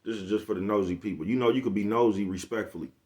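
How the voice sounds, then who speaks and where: Male vlogger, lowish voice, loose slangy monologue, keeps checking in with his audience. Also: racing, darkish tone. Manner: laid-back slangy rant, repeats "you get what I'm saying". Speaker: channel host. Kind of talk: casual vlog monologue.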